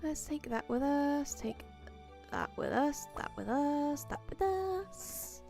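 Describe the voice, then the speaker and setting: A woman's voice: sits high, slow, a little mellow, soft background music. A woman streaming a farming game, chatting casually with viewers and playfully talking to in-game items with frequent giggles. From Wales. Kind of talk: casual live-stream gameplay chat.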